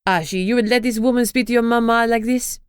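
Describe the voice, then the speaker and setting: A woman's voice: fairly high pitch, fairly even intonation, fast, clean tone, no echo, studio quality, pitched above the performer's own voice, lightly acted. A woman voicing a haughty, spiteful glamorous woman with a French accent who spits out her words indignantly. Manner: spitting, indignant.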